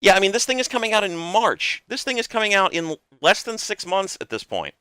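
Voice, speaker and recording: A male podcast host with a bright, crisp voice speaks earnestly and with emphasis, dropping casual swears. The sound is dry and close, with no room around it. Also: sits high, big pitch swings, a little fast, dry recording.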